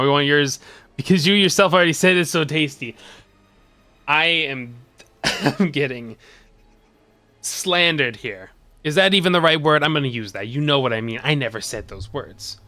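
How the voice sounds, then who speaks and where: Bright, giggly young man streaming. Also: fairly high pitch, lively intonation, normal speed, dry recording, faint music behind. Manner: playful, giggly, rambling, bantering with chat. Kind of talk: casual game-stream chat.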